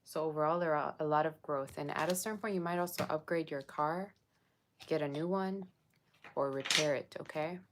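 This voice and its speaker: A tarot reader with a low-pitched voice speaks at normal speed over some background noise. She reads cards for her viewers casually and chattily, checking in with them often and frequently asking "okay?"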